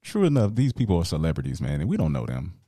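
A man's voice: low-pitched, huge pitch swings, fast talker, warm tone, no room sound, clean studio sound. A man co-hosting a podcast from a home workshop, talking in a laid-back, slangy way and often adding "you know". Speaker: podcast co-host. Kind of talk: casual podcast chat.

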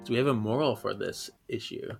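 A man hosting a podcast in casual chat, chatty and quick to laugh as he leads each segment. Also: on the low side, vocal fry, slightly rough, soft background music. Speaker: podcast host.

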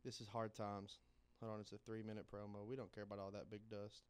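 A man's voice: fairly low pitch, quick pace, clean tone. A man co-hosting a podcast, chatting animatedly and telling stories. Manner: animated, storytelling, swears casually. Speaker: podcast co-host. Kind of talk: casual chat.

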